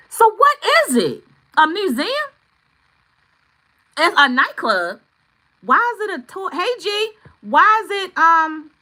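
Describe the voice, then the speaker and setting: Excitable high-voiced woman tarot reader. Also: poor audio. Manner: excitable, swearing, bursts into shouts. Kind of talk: live-stream tarot reading, chatting with viewers.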